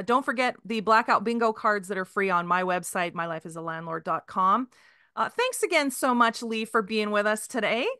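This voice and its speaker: Woman podcast host, upbeat and promotional, bright voice, dry close sound. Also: medium pitch, clear, resonant tone, no echo. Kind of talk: podcast interview wrap-up.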